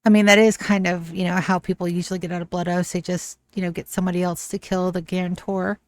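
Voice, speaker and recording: A woman's voice: on the low side, flat delivery, fast, no echo, close to an everyday voice. A woman voicing a poised female cult leader in a tabletop game, sweetly condescending and fond of calling people dear. The recording is close and dry. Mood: amused.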